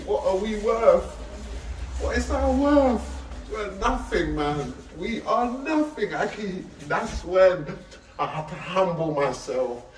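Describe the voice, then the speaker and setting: On an outdoor street, a man with a high, darkish voice tells an emotional, intense and repetitive story about a friend's death, pleading with listeners he calls Aki. There's a slight hiss or hum, and the recording sounds echoey and distant with faint ambience.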